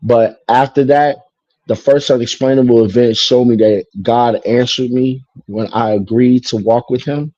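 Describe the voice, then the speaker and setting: Mellow man telling his story. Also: mid-range voice, normal speed, no echo. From Chicago. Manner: animated, mimics people in quotes, streetwise slang. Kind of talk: casual storytelling conversation. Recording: dull lo-fi broadcast audio.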